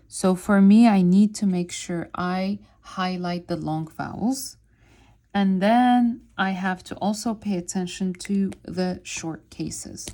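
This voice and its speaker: A woman teaching Arabic reading to beginners, sounding out words syllable by syllable in a slow, deliberate way. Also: on the low side, dark tone. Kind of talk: spoken lesson while writing on a board.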